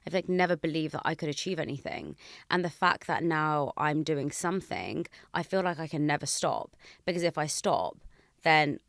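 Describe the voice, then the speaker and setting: A woman in her thirties with a low-pitched voice, hosting a podcast in casual conversation. She speaks candidly and reflectively, openly sharing her feelings. The sound is close and dry, with no room around it. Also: animated, moderate pace, vocal fry, no echo. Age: 30s. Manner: candid, reflective, emotional openness. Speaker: podcast host. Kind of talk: casual chat.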